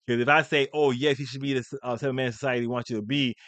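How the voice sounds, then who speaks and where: A man's voice: medium pitch, steady tone, quick pace, fairly bright tone, dry recording. A man giving blunt, opinionated commentary in a casual, rambling way, with frequent restarts. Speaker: commentary video host.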